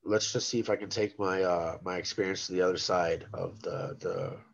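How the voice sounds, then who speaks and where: A low, creaky-voiced Canadian man in his forties, appearing as a podcast guest, tells stories about his career as a former chef turned rapper. His delivery is relaxed and lively, and he slips into the voices of whoever he's quoting. The sound quality is a bit muffled and lo-fi.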